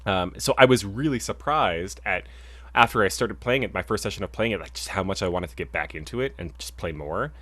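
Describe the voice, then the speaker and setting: His fairly low voice is animated, brisk, and sharp in tone, captured in a dry recording. He's a young man co-hosting a video game podcast, chatting casually and rambling with plenty of fillers and restarts.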